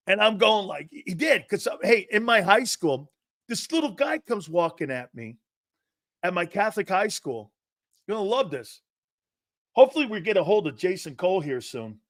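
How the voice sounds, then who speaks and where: A man in his fifties hosting a sports talk show, telling rambling, animated anecdotes with many restarts. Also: sits high, normal speed, no room sound, studio quality. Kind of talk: casual storytelling and show hosting.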